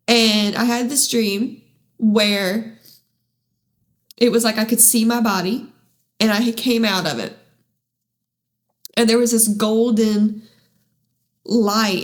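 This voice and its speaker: A woman hosting a podcast, telling her own faith testimony from home. She speaks candidly and haltingly, with frequent restarts and self-deprecating asides along the way. Her pitch sits in a middle range. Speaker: podcast host.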